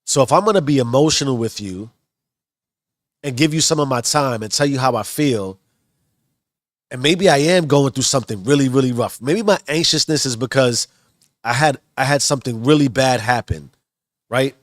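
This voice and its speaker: A man's voice: mid-range voice, normal speed, dry recording, studio quality. A married man with children talking in a casual motivational monologue, earnest and rambling with many restarts. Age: adult, married with children. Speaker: self-improvement vlogger.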